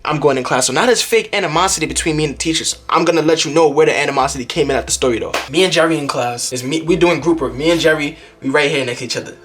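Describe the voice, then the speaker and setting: A young man vlogger telling an animated storytime, jumping into other people's voices as he goes. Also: a little high, rapid-fire, hardly any pauses, a little hiss or hum.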